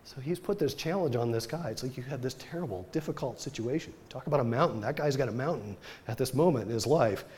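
Male pastor, sermon, animated retelling, goes hushed for drama, mid-pitched voice. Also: fast talker, few pauses, a little hiss or hum. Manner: animated storytelling, dips soft for drama. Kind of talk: sermon with scripture reading.

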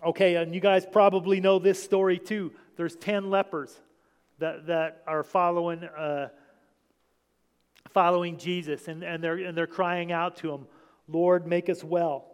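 A man's voice: high-pitched, little pitch movement, measured pace, clear, resonant tone. A man preaching an informal sermon, talking to his congregation with many restarts and asides. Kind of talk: informal sermon reading scripture. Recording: long hall reverb.

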